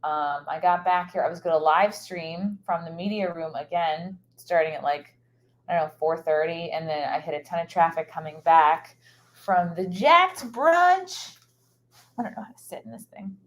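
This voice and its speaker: A woman's voice: lowish voice, moderate pace. A woman comedian chatting casually on a live stream in a hotel room, rambling and scatterbrained with plenty of fillers. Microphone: microphone set up for streaming.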